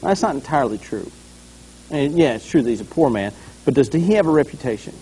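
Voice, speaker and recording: A man's voice: mid-range voice, brisk, breathy edge. A man preaching a conversational sermon as a pastor, acting out scenes along the way. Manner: animated, conversational, acts out scenes.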